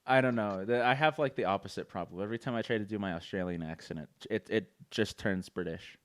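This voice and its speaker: A man's voice: lowish voice, fast, no room sound. A young man hosting a casual podcast chat, rambling with stammered restarts. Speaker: podcast host.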